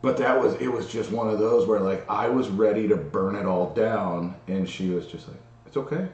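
A man candidly telling a personal story in casual podcast chat, animated and full of restarts. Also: fairly low pitch, normal speed, reverberant, distant mic, dull audio. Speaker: podcast co-host.

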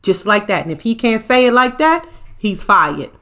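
A woman's voice: medium pitch, sing-song, moderate pace, fairly bright tone. Laughing, joking woman podcast host. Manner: joking and profane, laughs often. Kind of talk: casual chat with live viewers.

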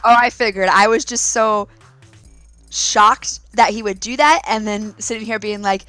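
A woman in her thirties, a podcast co-host, chatting casually and telling stories with lively laughs. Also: mid-range voice, normal speed, faint music behind. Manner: animated storytelling with laughs. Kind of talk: casual chat.

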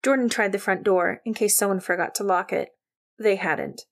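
A woman narrating an audiobook with a wry, lively way of telling the story. Her voice has a gravelly fry at the low end of her lines, and it sits at a middling pitch. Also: moderate pace.

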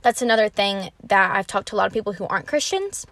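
A woman's voice: medium pitch, fast. Earnest young woman sharing her faith. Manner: earnest, chatty, many fillers like "um" and "like"; animated when retelling conversations. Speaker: Christian vlogger. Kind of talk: casual faith talk to camera.

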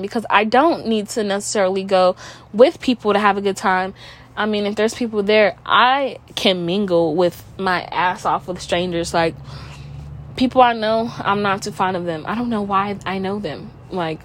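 A woman's voice: medium pitch, moderate pace. A young woman with a stuffy nose hosting her own podcast, rambling in casual chat full of "like" and swearing. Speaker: podcast host.

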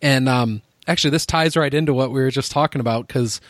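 A man's voice: medium pitch, fast talker, no echo, clean studio sound. A young man telling a travel story in casual chat, rambling and swearing, laughing often. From United States. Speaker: podcast co-host.

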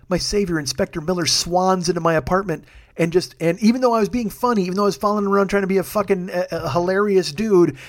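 Fast-talking profane male podcast host. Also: sits high. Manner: profane, self-deprecating, rambling. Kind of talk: casual storytelling monologue. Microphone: studio microphone.

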